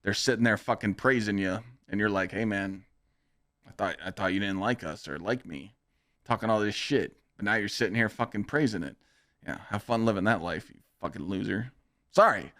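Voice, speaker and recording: A man's voice: lowish voice, moderate pace, a bit bright, dry recording, clean studio sound. A young man hosting a casual streamed podcast, talking bluntly and profanely in a boastful, rambling pep talk. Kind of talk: casual livestream podcast chat. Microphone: streaming microphone.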